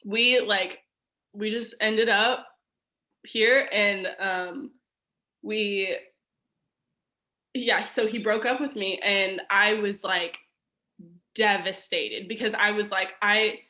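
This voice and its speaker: Bright-voiced young woman telling a story. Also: mid-range voice, steady tone, slow pace, pauses often. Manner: chatty, filler-heavy with frequent "like" and laughs. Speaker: podcast guest. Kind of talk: casual personal storytelling.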